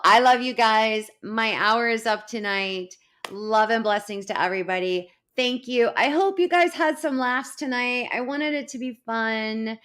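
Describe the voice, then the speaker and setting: A woman's voice: medium pitch, fairly bright tone. A middle-aged woman hosting a live online show, chatting casually and laughing as she rambles through stories. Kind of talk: casual live-stream chat.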